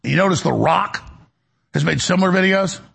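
This radio and web show host speaks from a studio in a high-pitched voice with vocal fry, a fairly bright tone, and a breathy edge, at normal speed. His monologue rambles agitatedly, repeating words and restarting often.

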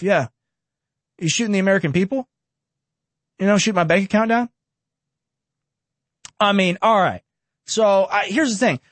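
A man hosting a political reaction show who pauses clips to rant sarcastically. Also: sits high, no room sound. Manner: sarcastic, ranting. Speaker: host.

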